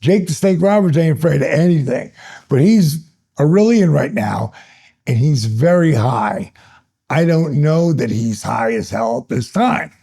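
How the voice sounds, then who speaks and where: A man in his sixties, a retired wrestler, telling stories as a guest in an interview in an animated, excitable way. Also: fairly high pitch, a little slow, creaky, husky. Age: 60s. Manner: animated, builds stories up excitedly, laughs between phrases. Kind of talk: storytelling in an interview.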